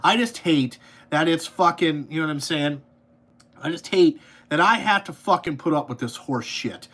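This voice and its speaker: A trucking business owner who hosts a podcast rants furiously into his mic, cursing nonstop and rambling through repeated fillers. His voice is slightly high and expressive, with a fairly bright tone and a moderate pace.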